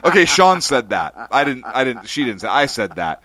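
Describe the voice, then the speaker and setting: A man co-hosting a casual talk show, telling a story with a lot of energy. His pitch swings widely as he plays the people in it. The sound is close and dry. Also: moderate pace, few pauses, no echo. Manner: animated storyteller, acts out voices in anecdotes. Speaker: podcast co-host. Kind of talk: casual chat.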